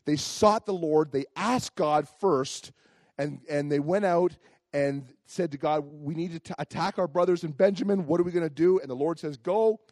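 A pastor, speaking at normal speed in a fairly high pitch, preaches a sermon featuring a personal story. He tells it energetically, mimicking the voices of those involved, in a dry recording.

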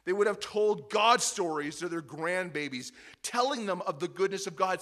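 A middle-aged male pastor preaching a sermon, telling a personal story in an animated way that swings from soft and tender to loud and excited. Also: high voice, normal speed, few pauses. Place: church service before a congregation.

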